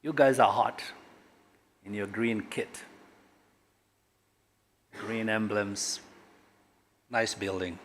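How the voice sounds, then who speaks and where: A government official gives an emphatic keynote at a corporate launch, with big swings in pitch and loudness and dramatic pauses. There's a little hiss or hum on the recording.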